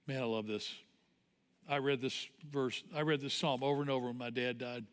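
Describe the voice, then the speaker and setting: A male pastor preaching a sermon in an animated, conversational storytelling way. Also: medium pitch, normal speed, clean tone. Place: church auditorium. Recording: long church hall reverb.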